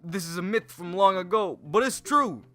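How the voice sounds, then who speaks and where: An eager young Goron boy from a fantasy video game, as a man reads his lines aloud in character. He sounds excited and pleading, with a high, bright, forceful voice. Faint game music plays behind him. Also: normal speed. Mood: storytelling.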